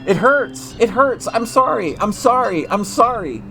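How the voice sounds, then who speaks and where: A man's voice: sits high, big pitch swings, moderate pace, fairly bright tone, faint music behind, voice pushed up, full character voice, rough recording. A man reading a visual novel aloud, voicing an eerie teenage girl who coaxes sweetly and then pleads with repeated apologies. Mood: pained pleading.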